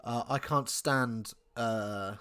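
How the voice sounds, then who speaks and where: A man's voice: medium pitch, extremely slow, a bit bright, smooth. Chatty young man hosting a rugby watch-along. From England. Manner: chatty, thinks aloud, answers viewer comments. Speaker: live watch-along host. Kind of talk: casual live match commentary.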